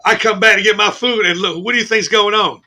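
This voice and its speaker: A man co-hosting a casual sports radio show, telling a long funny story, cursing, laughing and shouting as he goes. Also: sits high, fairly even intonation, fast. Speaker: co-host. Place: radio studio.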